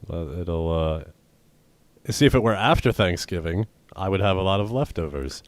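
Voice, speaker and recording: A young man co-hosting a comedy podcast, rambling in deadpan, crude banter. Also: low-pitched, moderate pace, no room sound. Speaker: podcast co-host.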